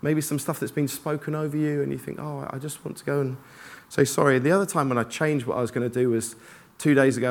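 Animated man preaching. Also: medium pitch. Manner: animated, self-deprecating, acts out inner dialogue. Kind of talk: informal sermon with personal stories. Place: church hall with congregation.

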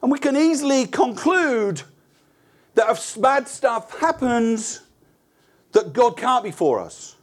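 Man, preacher, sermon, high voice, earnest, conversational, rhetorical questions. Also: very animated, slow pace.

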